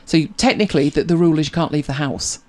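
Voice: mid-range voice, fast talker, darkish tone. A chatty host, laughing easily and answering viewer questions in casual talk. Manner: chatty, laughs easily, repeats words when starting. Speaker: host of a tech help show.

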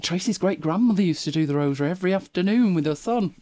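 A woman's voice: fairly low pitch, lively intonation, quick pace, mellow, no room sound. A woman, chatting casually as a podcast co-host and telling stories with frequent laughs. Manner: chatty storyteller, laughs often. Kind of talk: casual chat.

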